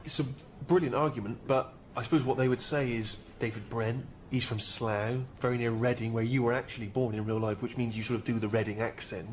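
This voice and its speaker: A man's voice: medium pitch, fairly even intonation, brisk, few pauses, slight background noise, close to an everyday voice. An actor playing an awkward male talent agent in a sitcom, talking in a hesitant, placating way. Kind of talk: sitcom acting.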